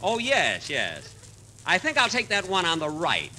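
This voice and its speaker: A man's voice: high voice, huge pitch swings, measured pace, sharp tone. A man starring in a 1940s radio comedy, vain and easily exasperated, who sounds mock-offended. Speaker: comedian host. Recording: noisy old radio broadcast.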